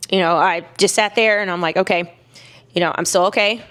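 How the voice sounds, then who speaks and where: Young woman vlogging, lowish voice, candid and emphatic, lots of restarts. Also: fairly even intonation, a little fast, a bit bright. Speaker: weightlifter vlogger. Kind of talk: casual storytelling to camera.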